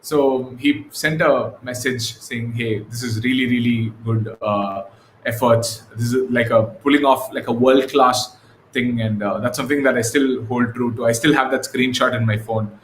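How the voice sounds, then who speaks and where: A man chatting as an interview guest, recounting events in a loose, unhurried way, full of "uh" and "um" and restarts. His voice sits at an everyday middle pitch. The room around him echoes noticeably, with a faint hiss underneath. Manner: relaxed, many fillers and restarts. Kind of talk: casual conversational storytelling.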